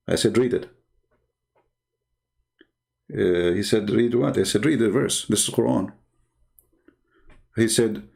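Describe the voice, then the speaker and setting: Gravelly and lowish with a darkish tone, this man's voice drives a mocking, combative monologue. He's an online religious debater, and his impassioned delivery heats up as he makes his case.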